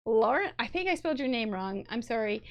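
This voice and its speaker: Midwestern lady rambling through viewer cards on a live craft show, kinda high voice, punny and chatty. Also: animated, a little fast, dull audio. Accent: American Midwestern. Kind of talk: live stream chat reviewing viewer cards.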